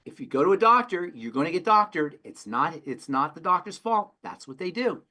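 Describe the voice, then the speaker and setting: A man, a pharmacist on a health show, answering questions in an emphatic, rapid-fire way and repeating his key phrases. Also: high-pitched, big pitch swings, sharp tone. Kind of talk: call-in health talk.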